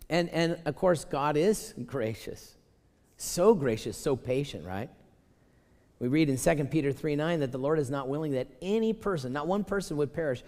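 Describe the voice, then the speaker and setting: Animated pastor preaching in an echoing sanctuary. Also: male voice, fairly high pitch. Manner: animated, emphatic, talks straight to the congregation. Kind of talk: conversational sermon. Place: church sanctuary. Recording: long reverb of a church sanctuary.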